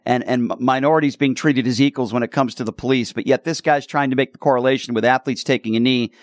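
An indignant male radio host lays out his opinions in a middle-pitched voice. He keeps restarting and repeating words when he gets heated. The studio sound is dry and close. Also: steady tone, fast, no room sound. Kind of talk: opinionated talk radio commentary.

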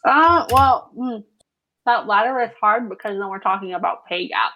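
Gravelly-voiced woman, wry podcast co-host. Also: mid-range voice, normal speed, highs cut off, slight background noise. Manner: wry, self-mocking jokes. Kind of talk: casual chat.

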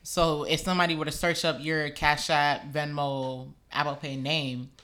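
Bright-voiced young woman telling stories. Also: low-pitched, moderate pace. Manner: animated storytelling, swears freely. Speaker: podcast co-host. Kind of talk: casual chat.

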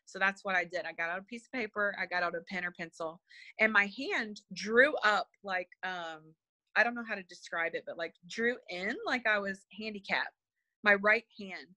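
A woman's voice: mid-range voice, normal speed, sharp tone, no room sound. A woman guest telling a personal story in conversation, earnest and emotional, hesitant with many fillers and restarts. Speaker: interview guest, spiritual medium.

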